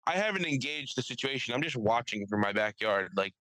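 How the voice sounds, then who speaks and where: A young man co-hosting a podcast, telling a story and acting out the people in it with lively voice changes. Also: mid-range voice, fairly quick, dry recording, poor audio. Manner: animated, acts out quotes in shifting voices. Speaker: podcast co-host. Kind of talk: casual storytelling chat. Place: studio.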